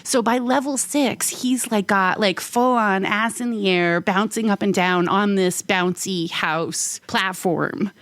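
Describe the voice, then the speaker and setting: A woman in mid pitch tells a rambling, funny anecdote on a podcast, dropping "like" every few words. She mimics other people's lines with sudden high leaps in her voice. The recording is dry and close, with no room sound. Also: takes it slowly, hardly any pauses, no room sound. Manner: animated, acts out quoted voices with big pitch jumps; frequent "like" fillers. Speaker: podcast co-host. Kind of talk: casual storytelling.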